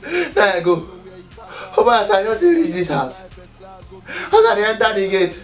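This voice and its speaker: A man with a Nigerian Pidgin accent excitedly retelling a mishap in a comedy skit, breathless and chuckling as he talks. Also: sits high, slow, soft background music. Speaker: comedian telling his own story.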